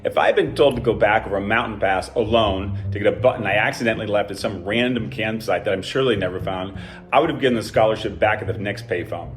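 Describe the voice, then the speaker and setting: A man's voice: on the low side, fast talker, faint music behind. A man in his sixties reading a scripted personal story in a dry, self-deprecating way. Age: 60s. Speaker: alumnus telling a personal story.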